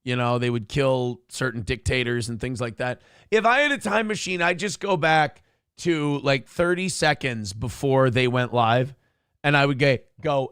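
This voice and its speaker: A man hosting a morning talk show in casual chat, rambling and animated, swearing freely with lots of fillers. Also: mid-range voice, normal speed, smooth, no room sound, clean studio sound.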